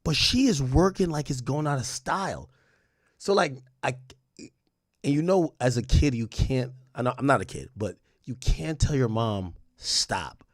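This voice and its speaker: A man's voice: mid-range voice, moderate pace, no room sound, studio quality. A man streaming live, telling chat stories in a casual, slangy, profane style. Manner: animated storytelling with slang and profanity. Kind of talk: casual chat with a livestream audience.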